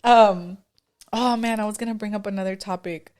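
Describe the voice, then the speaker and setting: A young mother co-hosting a podcast, chatting in a relaxed, filler-heavy way and asking questions. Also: mid-range voice, moderate pace. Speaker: podcast co-host. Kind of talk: casual chat.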